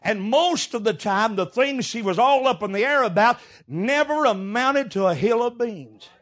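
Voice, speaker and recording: Preacher, middle-aged man, high voice, folksy sermon storytelling with shouts. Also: lively intonation, normal speed. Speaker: pastor.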